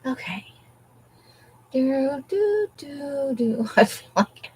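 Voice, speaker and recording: A woman's voice: sits high, sing-song, drawn-out words, pauses often, warm tone, low-quality recording. Chatty woman hosting a craft livestream. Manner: chatty and rambling, talking to herself while rummaging through supplies. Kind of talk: casual live-stream chat.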